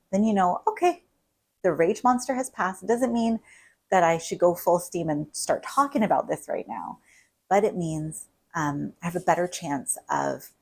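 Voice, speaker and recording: Woman therapist, husky breathy voice, lowish pitch, casual conversational advice. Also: rough recording. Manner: conversational, many "like" and "right?" asides. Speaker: couples therapist. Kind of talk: casual advice talk to camera.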